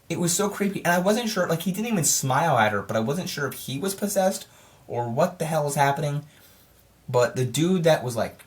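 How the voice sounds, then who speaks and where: Guy rambling through a movie review, excitable, keeps restarting his sentences, mid-pitched voice. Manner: rambling, excitable, self-correcting. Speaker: film reviewer. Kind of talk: casual spoiler review.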